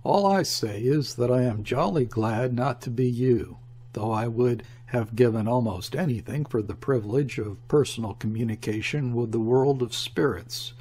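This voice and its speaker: A man's voice: medium pitch, normal speed, darkish tone, slightly rough, natural voice. A man reading as a solemn credulous sea captain. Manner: solemn and earnest.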